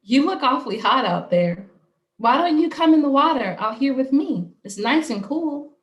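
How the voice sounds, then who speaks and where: A woman's voice: medium pitch, lively intonation, slow, echoey room, lo-fi sound. A woman voicing a kind adult mermaid who talks in a pleasant, reassuring, coaxing way.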